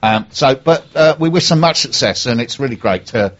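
A man's voice: mid-range voice, animated, moderate pace. A man hosting a local radio show, chatting casually with a dry, teasing manner and a sore throat. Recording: dull, muffled radio studio sound.

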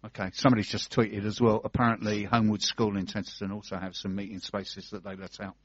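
A man with a London accent reads business event listings on a radio show, keeping it chatty and joking. His voice sits low and husky. The studio sound is dry and a little dull. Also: little pitch movement, quick pace, no echo. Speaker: radio co-host reading business news. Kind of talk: casual radio chat and listings reading.

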